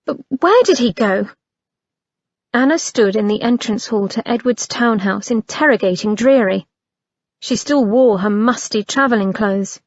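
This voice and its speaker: Slow, measured woman audiobook narrator. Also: fairly high pitch, dry recording, highs cut off. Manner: measured, expressive reading.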